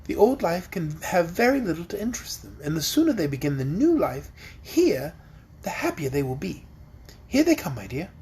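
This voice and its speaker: A man's voice: on the high side, sing-song, normal speed, darkish tone, slightly rough, heavily acted. A man voicing a gracious, decisive young girl ruler who speaks in a stately, formal way. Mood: decided.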